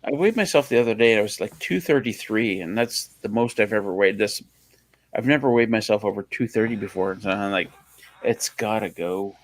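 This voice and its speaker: A man's voice: fairly low pitch, brisk, dry recording. A man who is a guest on a livestream, teasing the host in casual chat and laughing often. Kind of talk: casual late-night chat.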